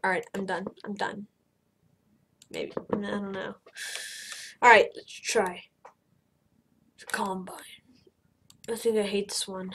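A woman giving casual let's-play commentary, excitable, crying out loudly at every mishap and then muttering quietly. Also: medium pitch, husky. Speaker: gameplay commentator.

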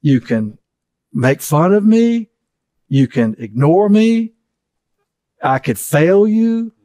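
An earnest middle-aged man teaching, his voice rising and falling in wide swings as he hammers phrases through repetition. He sits a little high for a man and sounds close and dry, with no room behind him. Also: sing-song, slow pace, mellow, no echo. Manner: earnest, repeats phrases for emphasis. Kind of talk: teaching session.

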